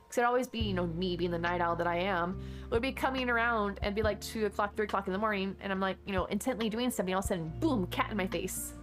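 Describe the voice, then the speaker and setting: A woman streamer chats loosely and at length, drifting between her game and stories while answering viewers. Her talk wanders with restarts and asides. Chill music plays clearly under her voice. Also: medium pitch. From Texas. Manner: chatty, rambling, reads and answers chat. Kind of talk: casual game stream chat. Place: home desk. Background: background music.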